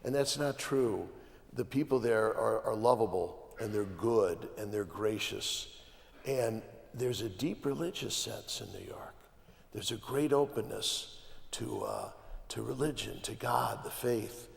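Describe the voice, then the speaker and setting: Gravelly-voiced archbishop in an echoing hall. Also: male voice, on the low side, animated, measured pace. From American Midwest. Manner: emphatic, piles up repeated phrases, restarts often. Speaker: archbishop, interview guest. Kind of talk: conversational panel talk. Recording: long hall reverb.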